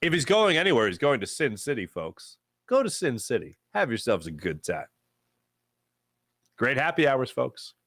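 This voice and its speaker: A man hosting a live sports talk show, reading viewer chat in a jokey, animated way and greeting chatters with loud excitement. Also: medium pitch, normal speed, no room sound.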